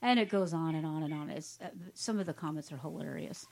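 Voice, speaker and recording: A woman's voice: deep voice, quick pace, a little hiss or hum. Woman, casual co-host, sarcastic, mocking read-alouds, frequent laughter. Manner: sarcastic, reads comments aloud with mocking emphasis, laughs often. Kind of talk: casual commentary chat.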